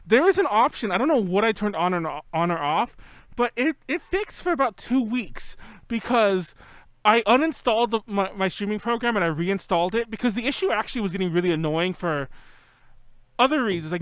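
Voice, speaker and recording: Speaking through a home computer mic on an online call, this podcast host has a high, animated voice that's fairly quick and a bit bright. The sound is clean with no echo. He chats casually, rambling, correcting himself, and laughing often.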